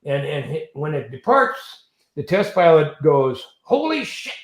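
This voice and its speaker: A man's voice: fairly high pitch, measured pace. Older man telling stories in a roomy space. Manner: animated storyteller who acts out voices and sounds. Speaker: interview guest, retired navy pilot. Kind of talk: storytelling in an interview.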